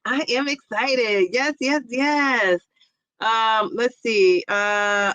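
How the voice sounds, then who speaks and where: A middle-aged woman hosts a casual livestream and chats through viewer comments with frequent laughs. Her voice is fairly high and bright. The sound is close and dry. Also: takes it slowly, no room sound, lo-fi sound. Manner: chatty, laughs often, exclaims "Jeez Louise". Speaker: livestream host.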